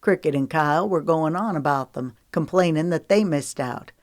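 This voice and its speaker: Woman putting on a laid-back young guy, teasing and soft, pitched lower than her own voice, dry close sound. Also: moderate pace, no room sound, natural voice. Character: easygoing young man, teasing and friendly.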